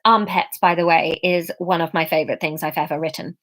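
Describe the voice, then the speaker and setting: A woman's voice: on the low side, steady tone, fairly quick, a bit bright. A woman reading her own comic novel aloud, breaking off for playful, chatty asides.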